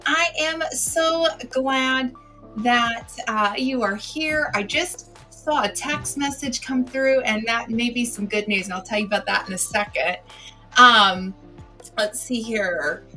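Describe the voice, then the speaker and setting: A woman's voice: fairly high pitch, takes it slowly, sharp tone, soft background music. A woman hosting a casual livestream, chatting and greeting viewers by name. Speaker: livestream host. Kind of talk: casual chat.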